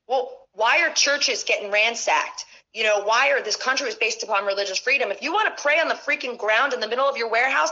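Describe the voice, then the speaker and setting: A woman's voice: a little high, expressive, a little fast, hardly any pauses, pushed and bright. A woman talking as a guest on a podcast, impassioned and casual, swearing and restarting her sentences. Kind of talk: casual political talk. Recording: muffled audio over a phone network.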